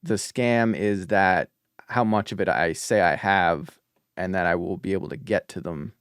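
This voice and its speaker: A man's voice: sits low, normal speed, a bit bright, clean tone, no echo, clean studio sound. A man playing a tabletop game, talking things through hesitantly with many fillers. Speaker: player. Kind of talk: casual tabletop game talk.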